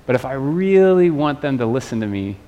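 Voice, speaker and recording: A man's voice: medium pitch, sing-song, a little fast, warm tone. A man, a pastor, preaching a sermon in an earnest way, often restarting and repeating phrases.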